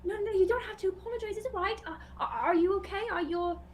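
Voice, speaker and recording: A woman's voice: very high-pitched, fast talker, slight background noise. A woman voicing a kind, fretful young woman adventurer who stammers while checking on someone. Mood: flustered, caring. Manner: caring and flustered, stammers.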